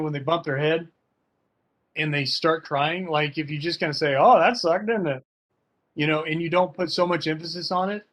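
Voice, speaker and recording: A man's voice: fairly high pitch, a bit bright. A man talking casually and emphatically as a fencing coach in an online workshop, full of slang. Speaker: fencing coach and guest speaker.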